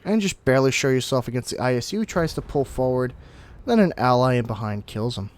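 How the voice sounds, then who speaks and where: A young man giving casual, explanatory commentary over his own gameplay, breaking into sudden excited outbursts now and then. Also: medium pitch, brisk. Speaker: gaming commentator.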